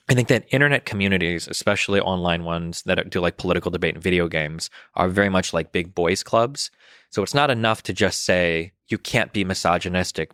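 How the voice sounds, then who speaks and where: A man in his thirties talking as a podcast guest in casual conversation, quick and rambling, with many restarts and fillers. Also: low-pitched, fairly bright tone, no echo, studio quality. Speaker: podcast guest, political commentator.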